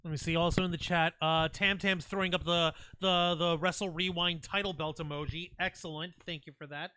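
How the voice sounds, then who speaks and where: A man co-hosting a wrestling podcast, reacting quickly and excitably, swearing freely and reading out chat comments. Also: a little high, clear, resonant tone, no echo. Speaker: wrestling show co-host.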